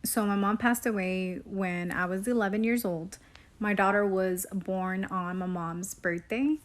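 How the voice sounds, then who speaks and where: Slow-talking woman telling an eerie story. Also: mid-range voice, steady tone. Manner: slow, halting, unsettled retelling. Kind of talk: casual storytime.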